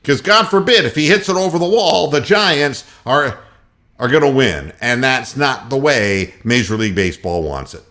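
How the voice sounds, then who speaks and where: A man's voice: mid-range voice, expressive, normal speed, sharp tone. Ranting, profane sports radio man.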